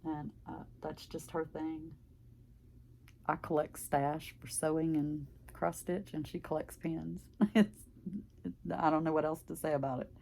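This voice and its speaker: Casting: older Southern woman, thick country accent, low gravelly voice, chatty craft vlogger. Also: fairly even intonation, measured pace, darkish tone, slight background noise. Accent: deep Southern US country. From Mississippi, US. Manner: rambling, chatty, filler-heavy. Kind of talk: casual chat while stitching.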